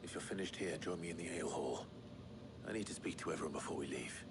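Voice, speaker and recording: An actor playing a stern young warrior leader, commanding and firm in a game. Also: male voice, a bass voice, fast talker, background noise. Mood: resolute.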